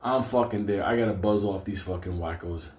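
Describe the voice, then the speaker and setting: A man's voice: fairly quick, darkish tone, echoey room. A man telling a rambling, profane comic story about his own past, often breaking into laughter. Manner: profane, laughs often, raises his voice high for quoted lines.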